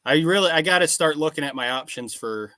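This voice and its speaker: A man's voice: a little high, expressive, fast talker, sharp tone, no room sound. A man in his thirties, a farmer, talking casually and plainly on a podcast.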